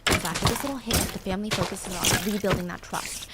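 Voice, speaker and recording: A woman tells a true story in a chatty, casual way, tossing in filler words and personal asides. Her pitch sits in a middle range. A steady noisy background with clicks runs under her voice. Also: fast talker.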